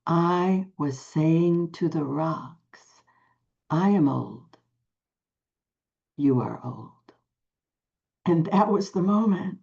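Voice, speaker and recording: An older woman telling a personal spiritual story to a group, slow and hushed, with long pauses and soft whispered phrases. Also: mid-range voice, vocal fry, muffled recording. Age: 60s or older. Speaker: spiritual teacher.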